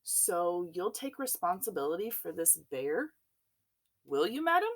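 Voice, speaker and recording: A woman's voice: on the low side, sing-song, measured pace, heavily acted. A woman voicing a blustering, bossy male police chief who barks his lines. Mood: stern. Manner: loud, commanding.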